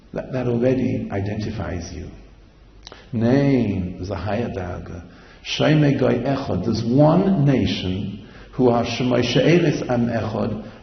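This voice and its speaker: A man's voice: fairly low pitch, vocal fry. A man giving an impassioned Torah lecture, mixing Hebrew terms into his English. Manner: impassioned, quotes Hebrew and Yiddish-inflected terms. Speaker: rabbi. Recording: echoey hall, dull lo-fi sound.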